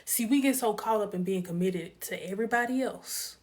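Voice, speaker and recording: A woman's voice: medium pitch, brisk. A woman hosting a casual live stream, greeting viewers one by one and sharing motivational thoughts in a tired, laid-back way. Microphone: phone.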